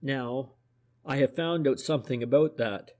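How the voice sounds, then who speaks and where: A man's voice: medium pitch, measured pace, dark tone, natural voice. A man reading as a furtive, deferential detective. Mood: insinuating. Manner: deferential, insinuating. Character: furtive, civil male private detective.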